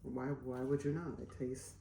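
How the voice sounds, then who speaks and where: A woman's voice: extremely low pitch, steady tone, moderate pace, vocal fry, warm tone, echoey room, slight background noise. A woman in her forties, chatting casually as a vlogger while cooking at home, rambling with lots of fillers. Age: 40s.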